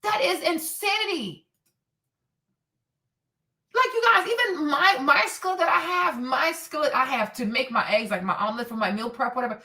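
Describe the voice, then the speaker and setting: Profane, animated woman ranting into a mic. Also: high-pitched, normal speed, far from the mic. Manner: blunt, profane and animated, acts out quotes. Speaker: streamer and commentator. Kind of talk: casual commentary rant.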